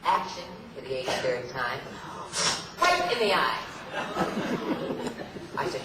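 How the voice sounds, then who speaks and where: A woman spinning playful, theatrical stories from a convention stage, her voice rising and falling with lively swings. She sounds far from the mic in an echoey hall, with loud ambience behind. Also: a bass voice, takes it slowly, pauses often, heavy background noise. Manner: theatrical, playful, laughing often. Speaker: convention guest speaker. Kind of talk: on-stage anecdote telling.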